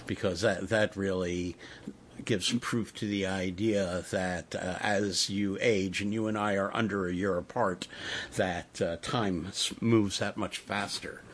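A middle-aged man hosting a radio interview, talking in a rambling, halting way with many fillers. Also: low-pitched, fairly even intonation, slight background noise. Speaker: radio host.

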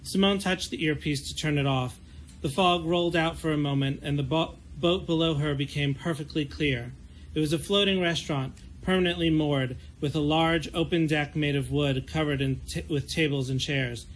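A man, an author, giving a steady, measured reading of his own fiction. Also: a little high, slight background noise.

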